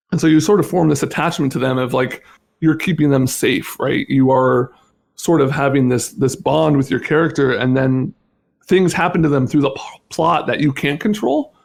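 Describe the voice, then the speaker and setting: A young man speaking as an interview guest in casual conversation, halting with many restarts and fillers. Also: medium pitch, vocal fry, darkish tone.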